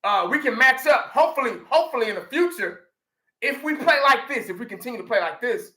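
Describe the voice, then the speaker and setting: A man's voice: extremely high pitch, expressive, fast, sharp tone, reverberant. A middle-aged man from Texas, chatting casually to his viewers and rambling with lots of restarts. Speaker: fan channel host. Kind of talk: casual chat.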